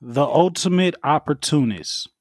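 A man in casual podcast chat, telling things in an animated, profane, slangy way. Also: a little high, a little slow, no echo, studio quality.

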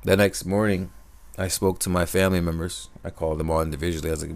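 Deep, gravelly-voiced man telling a story. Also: steady tone. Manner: reflective, soft-spoken, unhurried. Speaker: podcaster. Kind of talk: personal storytelling monologue.

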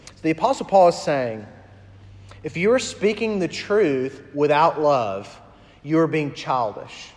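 Conversational pastor in a reverberant hall. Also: male voice, a little high, animated, a little slow. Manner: storytelling, conversational, drops to hushed tones for emphasis. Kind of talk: sermon.

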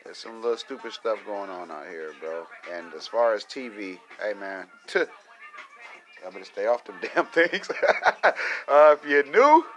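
A man's voice: on the low side, very animated, a little slow, dull audio. A young adult man, ranting casually to his viewers with lots of swearing and laughter. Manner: profane, rambling, laughs often. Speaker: vlogger.

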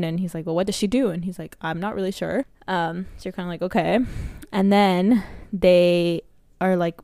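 A woman's voice: lowish voice, fairly even intonation, a little fast, hardly any pauses, dark tone, dry recording, studio quality. A woman co-hosting a podcast, chattily recapping a movie plot with lots of fillers. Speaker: podcast co-host. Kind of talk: casual movie review chat.

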